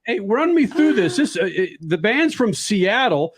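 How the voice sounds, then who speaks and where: A man's voice: high voice, sing-song, a little slow, breathy edge. A man hosting a radio talk show, talking with enthusiasm and hyping up his guest. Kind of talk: energetic casual radio talk. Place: radio studio.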